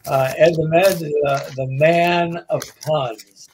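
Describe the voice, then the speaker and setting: A man's voice: a little high, steady tone, takes it slowly, a little mellow, a little hiss or hum. A man hosting an online comedy show over a video call, introducing acts and teasing them. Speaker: show host.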